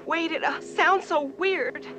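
An actress playing a frightened young woman alone at home, stammering on the phone, heard as muffled film audio. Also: extremely high pitch. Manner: stammering, halting. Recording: muffled film audio under loud noise.

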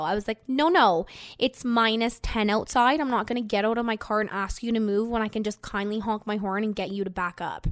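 A woman's voice: medium pitch, moderate pace, no room sound, studio quality. A young woman, a podcast host telling a story in casual chat, swearing freely and filling it with "like". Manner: chatty, swears freely, fillers of "like".

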